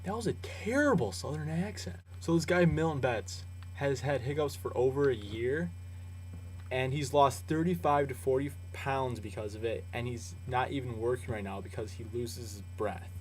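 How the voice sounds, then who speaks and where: A young man runs through the day's stories on his home vlog in a chatty, joking way. His voice sits mid-range and jumps between loud rants and low asides. A faint mains hum sits under the recording. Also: normal speed, poor audio. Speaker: vlog news host. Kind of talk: casual news vlog.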